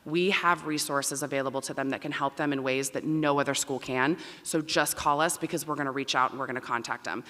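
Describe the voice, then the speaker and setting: Loud, fast-talking woman dean in a hall. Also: rumbling low. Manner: loud, emphatic and energetic. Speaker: dean of students. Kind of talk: welcome speech to families. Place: large performing arts auditorium. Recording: long reverb in a big hall.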